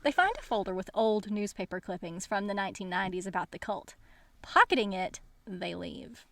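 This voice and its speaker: A woman's voice: medium pitch, animated, brisk, vocal fry, a bit bright, no room sound. A woman co-hosting a podcast, casually recapping a novel's plot with playful asides. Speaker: podcast co-host. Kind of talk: casual book discussion chat.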